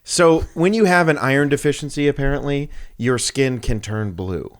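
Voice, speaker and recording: A young man co-hosting a podcast, telling a story in a casual, animated way and often laughing as he acts out what people said. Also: medium pitch, normal speed, smooth. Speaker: podcast co-host.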